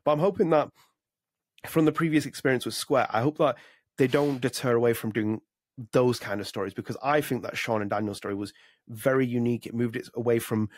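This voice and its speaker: A man's voice: mid-range voice, dry recording, studio quality. A man co-hosting a gaming podcast, chatting casually and rambling with lots of fillers. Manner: rapid, rambling with many fillers. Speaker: podcast co-host. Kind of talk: casual chat.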